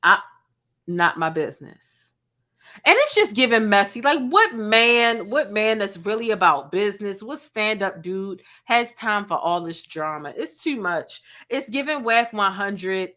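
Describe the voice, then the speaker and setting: Sassy bright-voiced woman commentator. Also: medium pitch, lively intonation, measured pace. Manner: sassy, slangy, mimics people she quotes. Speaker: blogger and commentator. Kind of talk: commentary vlog.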